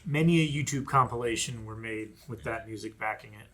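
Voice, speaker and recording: A young man co-hosting a casual reaction chat about a film, chiming in with quick agreement and quips. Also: fairly low pitch, pushed and bright. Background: film soundtrack playing.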